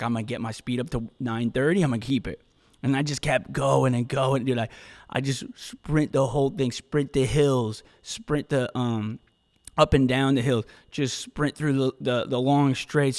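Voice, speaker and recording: A man hosting a solo podcast, talking loosely and swearing freely as he tells his story with rising energy. His voice sits at an ordinary middle pitch. The sound carries a long reverb tail from a live room. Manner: casual, profane, animated storytelling. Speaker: podcast host.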